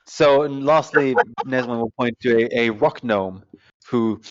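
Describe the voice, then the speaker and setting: Guy running a tabletop game, keeps tripping on names, mid voice, kinda muffled lo-fi audio. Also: mid-range voice. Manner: halting, stumbles over names, swears under breath. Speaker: game master. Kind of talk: describing characters in a tabletop game. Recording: dull lo-fi sound.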